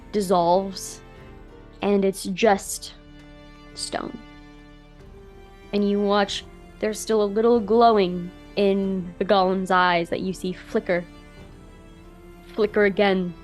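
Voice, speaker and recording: A woman's voice: mid-range voice, fairly even intonation, slow, pauses often, a little mellow, soft background music. Woman narrating a tabletop game. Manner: casual, filler-laden narration with many "like"s. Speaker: game master.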